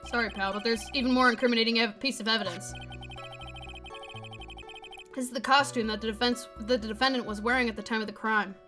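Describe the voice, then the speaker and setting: A woman's voice: on the high side, fairly even intonation, fast, long pauses, over music, lightly acted. A woman reading a blunt male police detective aloud from a video game, in an earnest manner. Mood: accusing.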